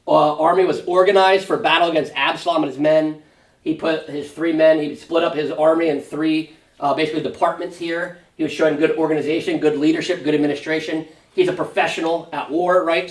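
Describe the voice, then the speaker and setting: A man pastor leading a Sunday school Bible study, explaining the passage in a conversational way with fillers and asides. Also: fairly high pitch. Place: church classroom. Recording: echoey room, mic at a distance.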